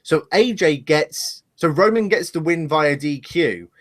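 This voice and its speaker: A man's voice: a little high, animated, a little slow, fairly bright tone. A man co-hosting a casual live discussion show, rambling and speculating, laughing at himself, talking over a webcam. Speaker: podcast co-host.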